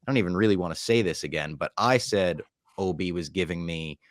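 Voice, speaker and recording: Deep-voiced animated male podcast host. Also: fairly quick, no room sound, studio quality. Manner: animated, jokey storyteller. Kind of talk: casual pop-culture recap chat.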